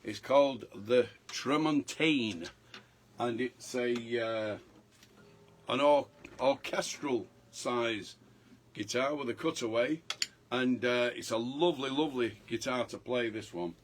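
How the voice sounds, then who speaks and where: A man hosting a live stream from home, chatting casually between songs in a halting way with many pauses, his voice strained after a chest infection. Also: mid-range voice, a little hiss or hum. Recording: guitar sounding under the voice.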